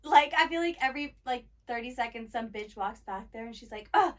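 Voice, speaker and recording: A woman in her twenties tells blunt, profane stories in loose podcast chat. She fills her sentences with "like", and her voice sits a little high. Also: fairly quick. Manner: blunt, profane storytelling, heavy filler "like". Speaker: podcast co-host. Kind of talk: casual chat.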